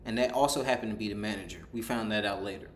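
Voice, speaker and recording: A man's voice: on the low side, fast, reverberant, a little hiss or hum. A man telling a personal story in a casual, rambling way, acting out what people said. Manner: rambling, animated, acts out quoted dialogue. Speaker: storyteller vlogger.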